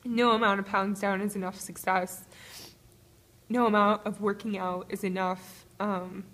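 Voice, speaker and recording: Woman, tearful, halting, nervous laughs, confessional vlog, phone held close, small gym. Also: medium pitch, little pitch movement, a bit bright. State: tearful, crying. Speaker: vlogger. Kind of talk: emotional personal video diary. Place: small apartment-complex gym, indoors. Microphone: phone held to the face.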